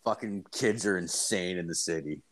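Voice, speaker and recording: A man's voice: low-pitched, moderate pace. A young man telling a story in casual chat, swearing constantly and acting out the people he quotes. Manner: profane, animated, acts out quotes.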